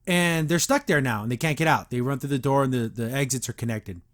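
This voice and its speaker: A man's voice: mid-range voice, brisk. A man hosting a podcast, recapping a show episode in a rambling, exasperated, casual way with many fillers and restarts. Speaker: podcast host.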